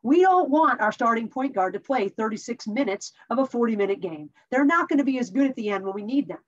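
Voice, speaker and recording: A woman's voice: a little high, expressive, fairly quick. A woman giving a conversational coaching tip as a mindset coach, telling stories and asking rhetorical questions. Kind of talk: talking-head coaching tip. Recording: dull lo-fi recording.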